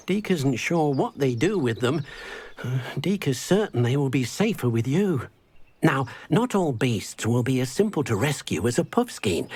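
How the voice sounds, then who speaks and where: A man's voice: medium pitch, husky, no room sound. An actor playing a kindly male house elf in a video game, who talks about himself in the third person.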